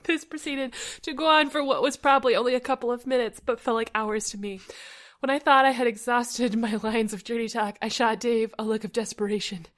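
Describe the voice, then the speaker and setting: A woman with a slightly high voice reads a story aloud for a comedy podcast. Her delivery is dry, but she keeps cracking up at the writing. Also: fairly even intonation, fairly quick, a bit bright. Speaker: podcast co-host reading fan fiction.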